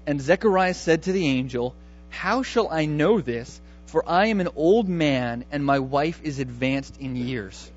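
A man preaches in a relaxed, conversational way, thinking aloud and doubling back on his words as he works through scripture. His voice sits a little higher than most men's. The recording is dull and a bit lo-fi. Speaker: pastor. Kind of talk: sermon.

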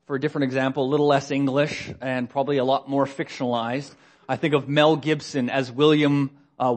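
A man preaching in a calm, measured voice at a middle pitch. He tells stories with reflective pauses, and his voice drops low and soft on key thoughts.

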